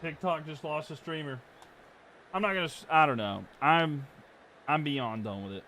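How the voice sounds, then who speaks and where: Over soft background music, a man with a voice on the high side live-streams a football video game at normal speed. He calls plays like a commentator and vents his frustration between snaps.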